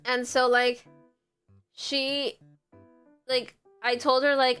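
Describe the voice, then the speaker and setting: A woman's voice: sits high, level tone, slow pace, long pauses, a bit bright, clean tone, soft background music. A young woman from Puerto Rico chatting casually on a livestream, giggly and rambling with lots of fillers. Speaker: streamer.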